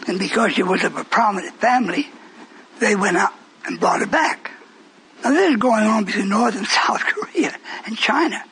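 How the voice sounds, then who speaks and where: A man preaching a sermon with passion, swinging from shouts down to whispers and rhetorical questions. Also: sits high, moderate pace, gravelly, slight background noise, low-quality recording.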